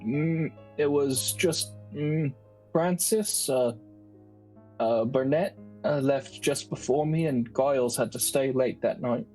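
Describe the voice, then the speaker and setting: A game master gives voice to a big, brawny workman who is always on edge, his mid-range voice tripping over hesitant, halting answers. Faint music plays low behind the tabletop scene. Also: darkish tone, close to an everyday voice, low-quality recording. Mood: evasive. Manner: hesitant, stammering denials. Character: nervous brawny man, wide-eyed, jumpy. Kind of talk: tabletop role-play character voice.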